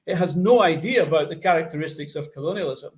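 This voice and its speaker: An earnest man lectures as a guest on a discussion panel. His voice sits slightly high, and he often repeats words as he builds his argument. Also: quick pace. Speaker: guest academic. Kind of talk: political discussion.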